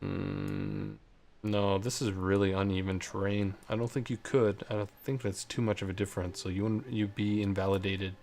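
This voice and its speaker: A man casually commenting while he plays a game, muttering to himself and swearing freely when something excites him. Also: fairly low pitch, moderate pace, creaky. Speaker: gameplay streamer. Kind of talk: casual let's play commentary. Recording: faint music behind.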